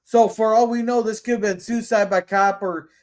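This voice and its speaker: A man's voice: high voice, steady tone, normal speed. A man hosting a casual podcast, talking bluntly with lots of swearing and stumbling restarts. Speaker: podcast host. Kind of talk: casual opinionated chat.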